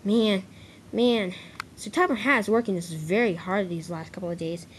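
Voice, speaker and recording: A woman's voice: medium pitch, normal speed, a little hiss or hum, close to an everyday voice. A woman voicing a weary, overworked male toy engine who grumbles about his trucks in a homemade train story.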